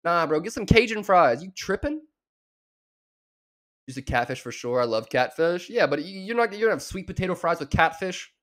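A man's voice: sits high, lively intonation, moderate pace. A young man from the American South with a Southern accent, rambling crudely and mockingly while reacting to a show as a streamer. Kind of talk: profane reaction commentary.

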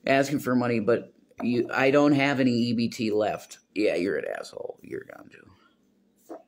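A man's voice: medium pitch, moderate pace. A man hosting a casual home livestream, reading chat comments aloud, rambling and swearing bluntly.

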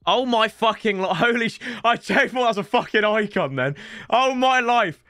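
A young man streaming for hours on a headset mic, tired, swearing and bantering with sudden shouts. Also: sits high, expressive, moderate pace, no echo, clean studio sound, faint music behind. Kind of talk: casual live-stream chat.

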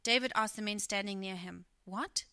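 A middle-aged woman delivers a sermon in an animated storytelling manner. Her tone is bright and forward, the sound dry and close. She slips into the voices of the people she quotes. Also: mid-range voice, normal speed, smooth, no room sound. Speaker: preacher.

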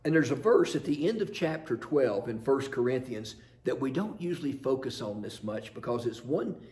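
A male pastor delivers a sermon in a chapel with an earnest, storytelling manner. His voice sits a little higher than most men's. He lands rhetorical questions and answers them plainly. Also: a little mellow.

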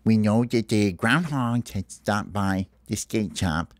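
A man telling a home-made pretend play as a pet bird sleuth, in a low, scheming murmur. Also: slow, no room sound. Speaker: storyteller dad playing the lead bird.

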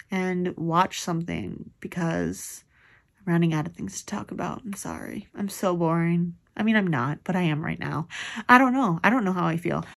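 A young woman talks to the camera as she crochets at home. She rambles, thinks aloud and pokes fun at herself in a relaxed, chatty way. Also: medium pitch. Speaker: crochet vlogger. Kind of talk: casual chat while crocheting.

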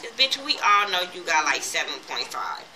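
A woman recapping a TV episode in a casual, profane, animated way, acting out the characters' lines as she retells them. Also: fairly low pitch, normal speed, crowd noise, poor audio. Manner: blunt, profane, animated retelling with quoted voices. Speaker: TV episode reviewer.

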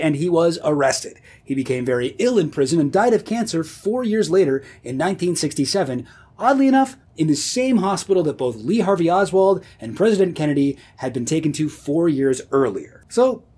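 A man who hosts his own video series, narrating history in a comedic scripted style with sardonic deadpan asides. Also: fairly high pitch, husky. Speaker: video host.

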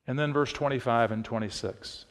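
A middle-aged male pastor preaching a sermon, telling a personal story in an easy tone and rising to emphatic, shouted peaks. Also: medium pitch, normal speed, big-room sound. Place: church sanctuary.

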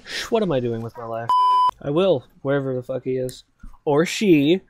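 A gaming video creator giving live commentary while playing, with profane, self-mocking banter that swings into loud, panicked pleading. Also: medium pitch, animated, normal speed.

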